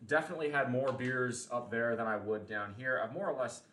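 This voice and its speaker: A man talking casually on his livestream, opinionated and rambling, with plenty of fillers and restarted sentences. His voice sits at an ordinary middle pitch. The room around him gives a noticeable echo. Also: fairly quick, sharp tone. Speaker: podcast host.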